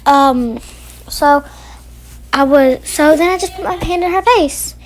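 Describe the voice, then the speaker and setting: A woman's voice: high-pitched, unhurried, slight background noise, rough recording. A woman telling a rambling storytime vlog in a chatty way, full of restarts. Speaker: vlogger.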